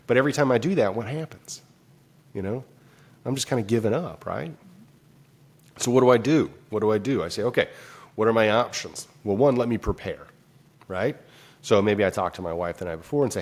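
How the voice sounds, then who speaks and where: A man's voice: lowish voice, animated, normal speed, darkish tone. A man as a guest psychologist in an interview, telling a personal story and acting out his own inner dialogue, with loose phrasing and many fillers. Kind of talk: conversational explanation.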